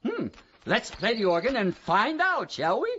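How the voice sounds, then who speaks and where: A man playing a jolly vampire count who loves counting, with theatrical laughs and drawn-out delivery in a children's TV puppet show. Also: high voice, sing-song, background noise. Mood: suspenseful. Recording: dull audio with loud organ music.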